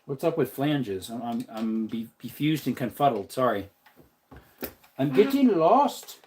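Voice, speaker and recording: A man's voice: moderate pace, a little hiss or hum. A man hosting a casual livestream, rambling in chatty talk and reading out viewer comments. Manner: jokey, slips into a silly high voice. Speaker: livestream host.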